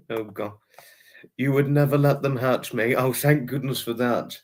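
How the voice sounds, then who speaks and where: A man's voice: mid-range voice, steady tone, unhurried. A man hosting a casual livestream, rambling chattily and greeting viewers by name. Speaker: livestream host.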